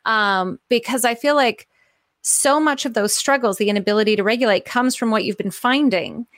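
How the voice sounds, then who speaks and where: A woman's voice: fairly high pitch, normal speed, no room sound, studio quality. Enthusiastic woman host, rambling questions. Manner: enthusiastic, thinking aloud in long winding questions. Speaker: podcast host. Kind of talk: conversational interview.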